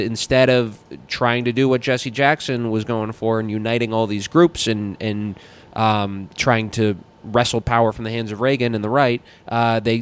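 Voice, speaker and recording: Heated male podcast co-host, smooth voice. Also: mid-range voice. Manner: heated, rambling, many restarts. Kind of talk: casual political podcast chat.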